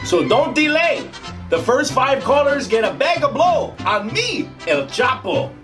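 A performer voicing a sleazy pitchman hawking prison escape gear in a mock TV infomercial, with brash hard-sell patter. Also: sing-song, a little slow, over music.

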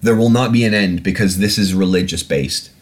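Speaking fairly quickly in a deep voice, a man hosts a podcast and rants casually. He's sarcastic, swears heavily, and keeps getting irate before offering apologies.

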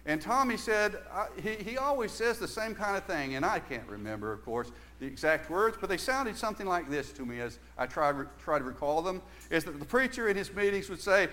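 Earnest older preacher. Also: male voice, high-pitched, very animated, fairly quick, hardly any pauses. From Southern United States. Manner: earnest, swings from emphatic to hushed. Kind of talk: sermon.

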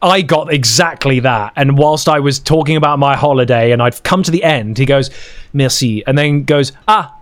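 A young man, hosting a casual podcast and telling school stories in an animated way. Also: moderate pace, few pauses. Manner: animated storytelling, swooping pitch. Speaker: podcast host. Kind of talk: casual chat.

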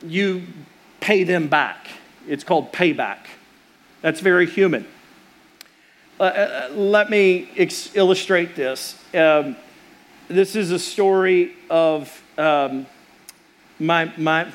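High-voiced man preaching a sermon. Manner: storytelling, earnest, with restarts and fillers. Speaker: pastor.

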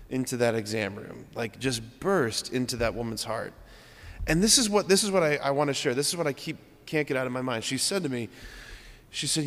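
A man's voice: mid-range voice, a bit bright, in a large hall. A man in his thirties, a priest giving an earnest, conversational homily and asking rhetorical questions. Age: 30s. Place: church.

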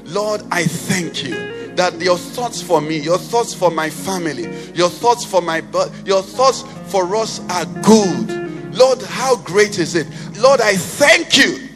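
A man preaching and leading prayer in church, with a passionate sing-song delivery that rises to shouts and falls to a hush. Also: sits high, lively intonation, takes it slowly. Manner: impassioned, sing-song cadence, swells to shouts then drops to hushed prayer. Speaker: pastor. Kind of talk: sermon and led prayer. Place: church sanctuary. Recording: reverberant church hall with faint music.

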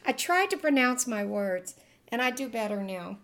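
A woman's voice: fairly high pitch, sing-song, takes it slowly, fairly bright tone. Older Louisiana woman with a Cajun accent, chatty interviewee who laughs often. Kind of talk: oral history reminiscing.

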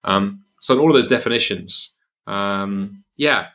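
Man, podcast guest, earnest, emphatic, bright tense tone. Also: on the low side, a little slow. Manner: earnest, emphatic, frequent restarts. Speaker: guest, evangelist. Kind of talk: conversational podcast discussion.

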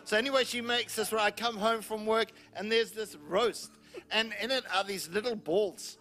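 A man's voice: sits high, moderate pace. A man in his fifties with a New Zealand accent, a pastor telling funny, teasing stories at a church service. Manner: jovial, animated, teasing anecdotes. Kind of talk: humorous storytelling at church service.

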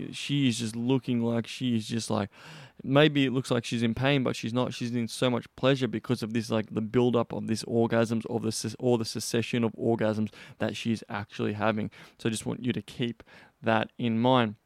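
A young man hosts a podcast, telling a rambling, casual story in a monologue full of heavy swearing and frequent restarts. His medium-pitched voice has vocal fry, and the studio-quality recording carries no room sound.

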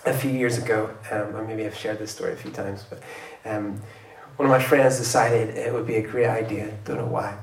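A man's voice: fairly low pitch, a little fast, hardly any pauses, slight background noise. Man preaching in a roomy hall. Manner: conversational, animated when retelling stories. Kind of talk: sermon. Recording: roomy, distant mic with faint ambience.

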